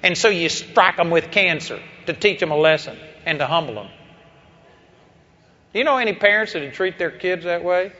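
Man, preacher, high voice, emphatic sermon, muffled lo-fi sound. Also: lively intonation, normal speed, sharp tone. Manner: impassioned, emphatic storytelling. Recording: dull lo-fi recording.

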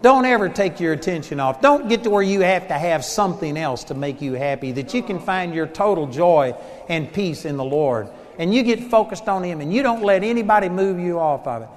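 A Texan man preaching in a storytelling way, his voice sitting high for a man. He swings from loud, forceful lines to soft asides, and the sound rings out in a large church hall with a long reverb. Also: animated, brisk. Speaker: pastor. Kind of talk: sermon.

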